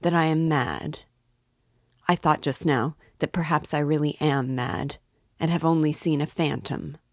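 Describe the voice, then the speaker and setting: A woman voicing a brooding, feverish young man in an audiobook reading, with a slow, uneasy, halting delivery. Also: low voice, steady tone, no room sound, clean studio sound.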